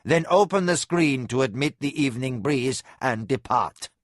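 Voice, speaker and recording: A man narrating voices a tired lord who gives slow, curt orders to a servant. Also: medium pitch, lively intonation, lightly acted. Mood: weary command. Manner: slow, commanding. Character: weary lordly man, curt and commanding.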